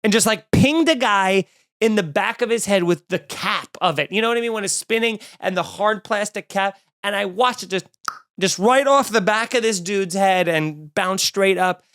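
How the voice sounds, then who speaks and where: A comedian hosting his podcast, telling a story in a casual, animated way, swearing and acting out what people said. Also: high voice, moderate pace, dry recording, clean studio sound. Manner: animated, swearing, acts out quotes.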